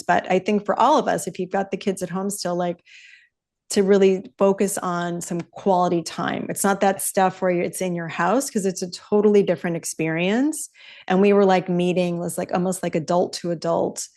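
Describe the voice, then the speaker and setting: A woman's voice: fairly low pitch, vocal fry, a little mellow. A middle-aged woman hosting a podcast, chatting casually in an upbeat, candid way that drifts into swearing. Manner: chatty, upbeat, loose with profanity. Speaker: podcast host.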